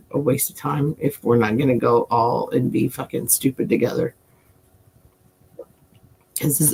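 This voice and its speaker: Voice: medium pitch, creaky, slight background noise. An adult livestream host and self-described coin nerd, chatting casually with viewers in a rambling way, swearing often and chuckling.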